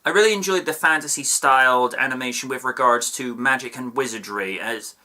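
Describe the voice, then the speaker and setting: A man's voice: medium pitch, fairly quick, sharp tone. A man giving a casual, chatty review of an episode, with playful asides and digressions. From United Kingdom.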